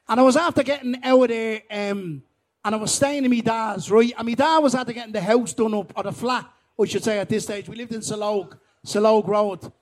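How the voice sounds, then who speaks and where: A man's voice: sits high, steady tone, fairly quick. A man with a Dublin accent telling jokes and stories live on a festival stage, rambling and swearing and laughing as he goes. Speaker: guest comedian. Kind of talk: live stand-up storytelling.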